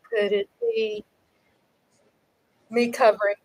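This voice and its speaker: A middle-aged woman hosting a casual livestream, talking in a lively, chatty way and swinging from loud cheering to low asides. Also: moderate pace, poor audio. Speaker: livestream host.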